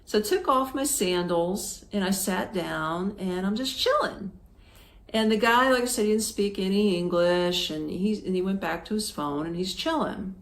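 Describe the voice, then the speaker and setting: A woman's voice: mid-range voice, normal speed. A woman from Florida hosting a podcast, telling a travel story in a chatty, casual way, full of fillers and acted-out quotes. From Florida, United States. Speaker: podcast host.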